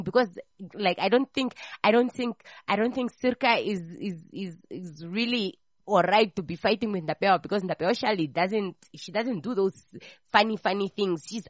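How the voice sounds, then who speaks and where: A woman hosting a radio call-in show, chatting casually and telling a gossipy story with lively voices for the people in it. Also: medium pitch, fairly quick, no echo, clean studio sound. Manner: animated, acts out the people in her stories.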